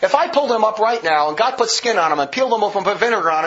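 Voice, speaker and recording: A man with a very high, bright, forceful voice delivers a combative religious monologue, hammering each point with heavy emphasis. The recording is dull and lo-fi, with the top end muffled. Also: lively intonation, very fast, few pauses. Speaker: religious commentator. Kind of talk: polemical monologue.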